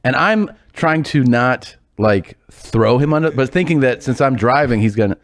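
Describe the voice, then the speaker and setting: A man's voice: mid-range voice, normal speed, dry recording. A man casually telling a funny story, acting out the voices of the people in it and laughing as he goes. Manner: animated, acts out quotes, laughs through story. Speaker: storyteller guest.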